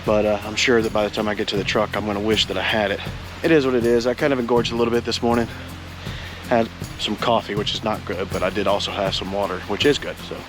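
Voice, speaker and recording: A man's voice: on the low side, little pitch movement, quick pace, over music. A man chatting casually to the camera as an outdoor vlogger, joking and talking viewers through his day. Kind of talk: casual vlog narration.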